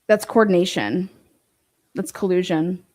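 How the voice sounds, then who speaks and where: A woman's voice: lowish voice, a little slow, a little mellow. Profane, sarcastic woman ranting. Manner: mocks others in quoted voices; reads court filings aloud and rebuts them. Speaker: commentator. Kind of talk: ranting commentary on a court case.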